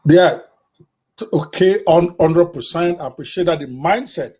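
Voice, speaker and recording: A man hosting a live podcast interview, energetic and joking about his own speech. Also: a little high, normal speed, husky. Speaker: podcast host.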